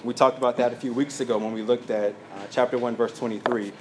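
A man's voice: mid-range voice, steady tone, fast talker, noisy background. Man preaching a teaching sermon. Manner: teaching from notes, many fillers and asides. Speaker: pastor.

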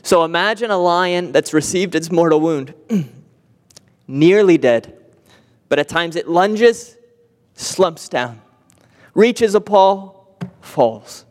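A man's voice: sits high, animated, takes it slowly, pauses often, a little mellow, big-room sound. A man preaching a sermon earnestly, with vivid imagery and rhetorical repetition. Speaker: pastor.

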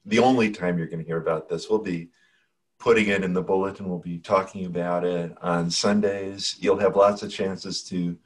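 A man with a low, deep voice who speaks straight to his listeners. He sounds reassuring as he wraps up a church announcement and tells people where to learn more. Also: fairly even intonation, moderate pace. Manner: reassuring, addresses listeners directly.

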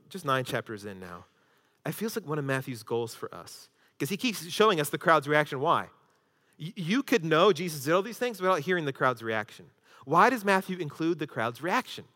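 A man preaching a sermon as pastor, swinging between loud emphasis and hushed intensity. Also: on the high side, very animated, normal speed. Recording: long hall reverb.

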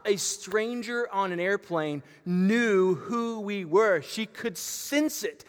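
Animated preaching man, echoey gym. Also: high-pitched. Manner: animated, with frequent fillers and restarts. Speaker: pastor. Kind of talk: storytelling sermon. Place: church gym. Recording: long hall reverb.

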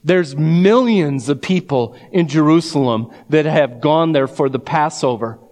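A man preaching slowly and deliberately, his voice set a little high for a man. He reads scripture aloud and presses each point with rising fervor. A long hall reverb trails every phrase. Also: a little mellow. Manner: reads scripture aloud and builds to fervent emphasis. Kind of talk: sermon.

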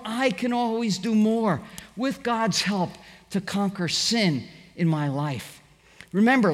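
A man's voice: high voice, fairly bright tone, long reverb tail. A middle-aged man preaching a sermon, telling stories animatedly and acting out the quoted voices. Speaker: pastor.

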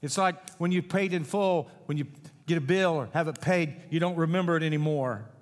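A man's voice: a little high, a little fast. A middle-aged man preaching a sermon in a folksy way, mixing jokes with scripture in a church sanctuary. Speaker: pastor. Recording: long hall reverb.

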